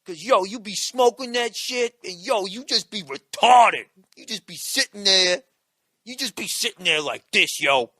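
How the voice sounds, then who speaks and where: A man voicing a hyped young male stoner who boasts in a slow, loud slangy drawl. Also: high-pitched, lively intonation, no room sound, voice pushed up, exaggerated voice.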